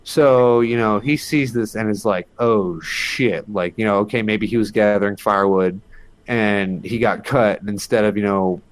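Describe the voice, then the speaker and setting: A man's voice: lowish voice, fairly even intonation, moderate pace, a little hiss or hum. A man telling a creepy story as a podcast guest, in a rambling, casual way full of fillers and the odd swear.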